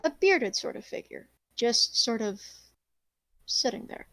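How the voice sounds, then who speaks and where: A woman's voice: a little high, very animated, measured pace, pushed and bright. A woman narrating a tabletop game as the game master. She rambles expressively and swears casually.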